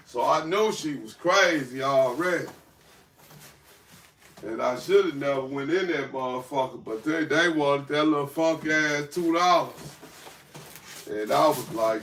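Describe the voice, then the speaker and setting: Slow-talking man telling a story in an echoey room. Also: fairly high pitch. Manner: profane, animated, rambling. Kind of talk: casual storytelling. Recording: echoey room, far from mic, faint noise.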